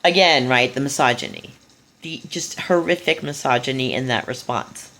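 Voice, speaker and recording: A woman's voice: extremely low pitch, moderate pace, fairly bright tone. A woman retelling a story in a casual monologue, blunt, profane and scornful, with loose asides and restarts. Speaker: speaker giving a talk.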